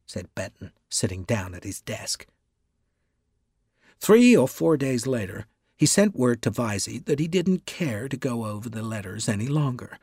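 A man giving a measured, deliberate scripted narration of a story. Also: mid-range voice, darkish tone, slightly rough, no echo, studio quality. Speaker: audiobook narrator.

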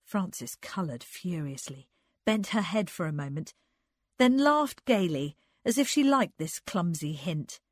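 A woman narrating a novel in a measured, even reading. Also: fairly low pitch, dry recording, clean studio sound. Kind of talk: scripted narration, audiobook.

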